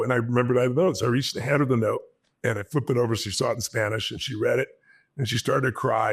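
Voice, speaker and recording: A man, a guest on an interview show, telling a personal story with animated energy and acting out his own past lines. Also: mid-range voice, fast talker, gravelly, breathy edge.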